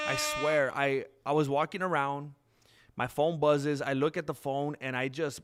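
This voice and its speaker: A man hosting a live stream in casual chat, rambling candidly and jumping into high, excited bursts when he thanks viewers. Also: measured pace, smooth.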